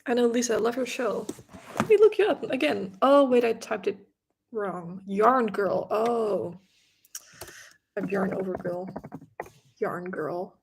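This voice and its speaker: A young woman from the Netherlands with a Dutch accent, chatting casually on a knitting livestream and answering viewers' comments with quick restarts and soft laughs. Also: medium pitch, lively intonation, vocal fry, noisy background. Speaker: livestream host, knitting creator.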